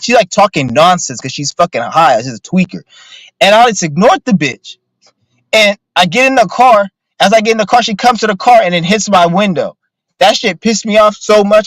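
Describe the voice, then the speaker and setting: A man's voice: high voice, dry recording, low-quality recording. Profane rambling man on a livestream. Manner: profane, rambling, heavy on filler words. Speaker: streamer. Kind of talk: casual livestream rant.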